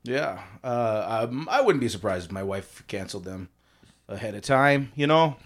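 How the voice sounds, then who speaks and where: A man's voice: mid-range voice, expressive, moderate pace, natural voice. A man improvising a simple-minded husband who sells his homemade beer, telling his story in a rambling, defensive way and laughing as he goes. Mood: blustery. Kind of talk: improvised comedy interview.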